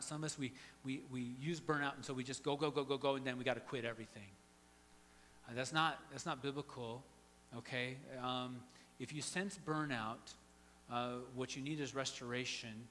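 A man preaching a sermon as pastor, conversational, swinging from hushed to loud and emphatic. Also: mid-range voice. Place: church sanctuary. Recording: long hall reverb, faint hum.

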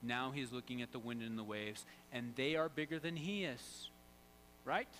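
A pastor preaching a sermon, animated, swinging from loud to hushed and quizzing the congregation. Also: male voice, mid-range voice, normal speed, faint music behind, low-quality recording.

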